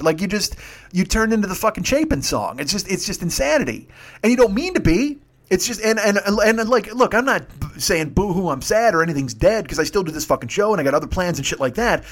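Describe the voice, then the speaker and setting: A man talks alone into the mic, hosting his own podcast. His stories ramble and swear freely. His voice sits high for a man, and he talks fast. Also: lively intonation, fairly bright tone. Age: 50s. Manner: profane, rambling storytelling. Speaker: podcast host. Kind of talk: casual solo monologue.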